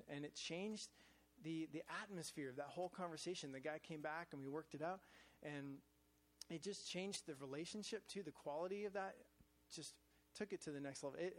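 Chatty man giving a rambling testimony. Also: fairly high pitch. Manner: casual and rambling, lots of fillers and restarts. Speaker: church staff speaker sharing a devotional. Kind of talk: informal testimony talk to a group. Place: in front of a group, gadgets in hand.

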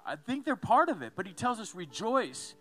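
A man preaching a sermon as a pastor, telling a story with lively asides and repeated phrases. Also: sits high, moderate pace, faint music behind.

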